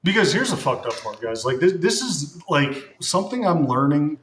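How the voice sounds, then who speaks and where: A man's voice: on the high side, sing-song, moderate pace, a bit bright, a little hiss or hum. Rambling male streamer, echoey room. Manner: rambling, self-reflective, many restarts. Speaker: streamer and bodybuilder. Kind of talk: casual live-stream chat.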